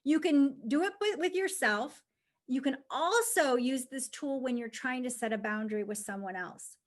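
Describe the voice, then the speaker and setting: A woman's voice: high voice, moderate pace. A woman presenting a live webinar as a leadership coach, talking in a chatty, conversational way and often checking in with the audience. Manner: chatty and conversational, with frequent "right?" check-ins. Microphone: camera mic facing the presenter.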